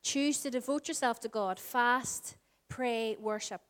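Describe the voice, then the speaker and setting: A Northern Irish woman in her forties preaches a sermon, her voice sitting a touch high. She speaks earnestly, slowing down on key lines and dropping into soft, near-whispered phrases. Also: smooth. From Northern Ireland. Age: 40s. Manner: earnest, varies pace, drops to soft whispers for emphasis. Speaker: pastor.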